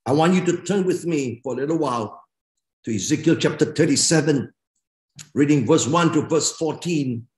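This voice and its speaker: An older man, preaching as a pastor and reading scripture with emphatic, slow, dramatic phrasing. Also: fairly high pitch, a little mellow. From Malaysia. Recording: echoey church hall.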